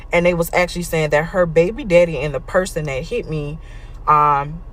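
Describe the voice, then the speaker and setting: A woman's voice: sits low, fairly bright tone. A young woman telling a personal story in a casual, matter-of-fact way, with frequent ums. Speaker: storyteller in a clip.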